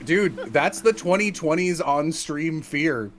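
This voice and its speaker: A man's voice: a little high, takes it slowly, slight background noise. A man chatting casually with friends on a live stream, joking and laughing often, with an Irish accent. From Ireland. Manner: animated, laughs often, jokey quoted voices.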